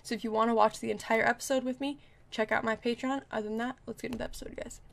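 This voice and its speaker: A woman's voice: a little high, steady tone, rapid-fire, vocal fry, a little hiss or hum. A young woman commenting casually on a show she is watching, emotional and exclaiming, often talking to herself. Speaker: reaction video host.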